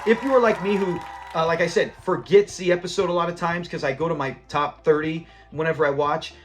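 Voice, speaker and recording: A man with a high-pitched voice recaps a sitcom episode in a loose, excited way, laughing as he goes and acting out the characters' lines. Faint music plays quietly underneath. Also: a little fast. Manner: animated retelling, laughs often, acts out the characters' lines. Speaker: TV episode reviewer.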